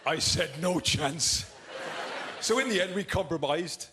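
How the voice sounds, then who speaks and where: A man's voice: high voice, expressive, normal speed, big-room sound, noisy background. A male comedian and ventriloquist telling anecdotes in a chatty stand-up style on a large theatre stage, recorded live.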